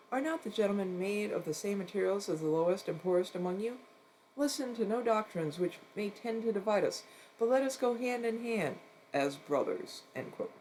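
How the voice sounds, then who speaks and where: Streamer reading a history book aloud, steady cold reading, announces quotes out loud, wry asides, middling pitch, faint background noise. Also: low-quality recording. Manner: reads steadily, saying "quote" and "end quote" around quotations; adds brief wry asides between passages. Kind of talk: cold reading of a non-fiction text.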